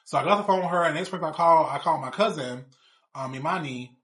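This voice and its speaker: A man's voice: a little high, quick pace, a bit bright. A man in his thirties telling a personal story in a casual, blunt, rambling way with plenty of swearing. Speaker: show cast member.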